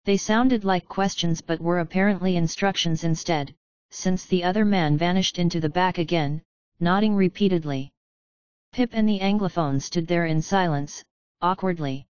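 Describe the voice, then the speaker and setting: A woman narrating a book chapter in a calm, measured storytelling manner. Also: lowish voice, no echo, lo-fi sound. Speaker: audiobook narrator. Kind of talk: scripted narration.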